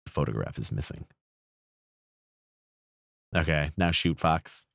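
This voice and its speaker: A man's voice: a bass voice, expressive, a little slow, vocal fry, fairly bright tone, no room sound, clean studio sound. A young man streaming a horror game, muttering, swearing and laughing as he plays. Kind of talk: casual gameplay commentary.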